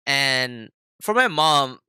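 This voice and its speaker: A young podcast co-host tells a story casually, looping through fillers and swearing as he goes. His voice is bright and smooth, and it sounds close and dry. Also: mid-range voice, sing-song, extremely slow, dry recording. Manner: rambling, filler-heavy, profane.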